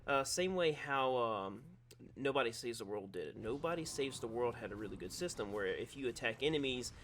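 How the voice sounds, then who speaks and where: A man's voice: medium pitch, expressive, brisk, fairly bright tone, slight background noise. Rambling man reviewing a game. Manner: rambling, analytical, self-correcting. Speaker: gaming video creator.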